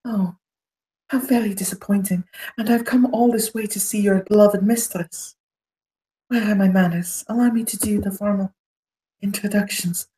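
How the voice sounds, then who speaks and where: Haughty noble lord, drawling and theatrical, as a woman puts him on, high for a man, echoey room. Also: steady tone, moderate pace, mellow, natural voice. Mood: smug. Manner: drawling, theatrical, rolled accent. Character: haughty noble male elf lord, smug and menacing.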